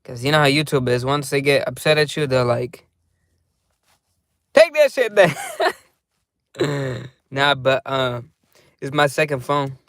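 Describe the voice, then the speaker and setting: A man's voice: medium pitch, little pitch movement, normal speed, fairly bright tone, clear, resonant tone, no echo, studio quality. A young man chatting casually in a loose, rambling vlog from inside his car, laughing often. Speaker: vlogger.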